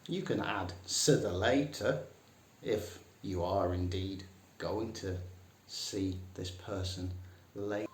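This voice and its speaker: A man teaching a comic lesson, dry and mock-serious, putting on higher voices for the phrases he quotes. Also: little pitch movement, takes it slowly, a little hiss or hum. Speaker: English teacher. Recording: echoey room.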